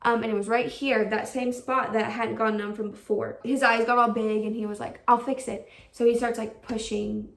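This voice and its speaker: A woman's voice: fairly high pitch, flat delivery, normal speed, gravelly, few pauses, roomy sound, far from the mic. A young woman vlogger telling a personal story in a casual, chatty way, full of "like" fillers and acted-out quotes. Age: young adult.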